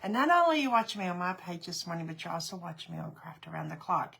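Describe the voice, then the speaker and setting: A woman's voice: fairly low pitch, very animated, quick pace, vocal fry, fairly bright tone, husky. A woman hosting a live craft stream, chatting casually, greeting viewers by name and laughing often. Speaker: craft livestream host. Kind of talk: casual livestream chat.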